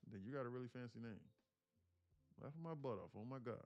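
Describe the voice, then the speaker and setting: A man's voice: medium pitch, lively intonation, a little fast, a little mellow, no echo. Man joking through a dry, close stream. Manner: joking, teasing chat with viewers. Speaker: livestream day trader host. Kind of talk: casual live-stream commentary.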